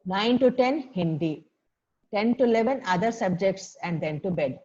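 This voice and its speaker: A woman's voice: mid-range voice, animated, moderate pace, dark tone. A woman who teaches a story to students, explaining words and often asking them questions. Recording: dull lo-fi recording.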